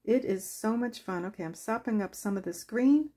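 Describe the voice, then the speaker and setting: Husky woman chatting through a craft tutorial. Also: a little high, moderate pace, dark tone. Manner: chatty, laughs while telling stories. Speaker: craft channel host. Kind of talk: casual craft tutorial chat.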